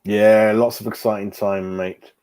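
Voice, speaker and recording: A man's voice: lowish voice, little pitch movement, a little slow, a little mellow, smooth. A man, hosting a casual live stream as a football fan, chatting and reading out viewers' comments. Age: 40s. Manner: chatty, reads chat aloud, calls everyone mate. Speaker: fan channel host.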